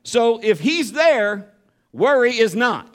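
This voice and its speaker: A pastor preaching a sermon, moving between fervent exhortation and hushed storytelling. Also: male voice, very high-pitched, sing-song, slow pace.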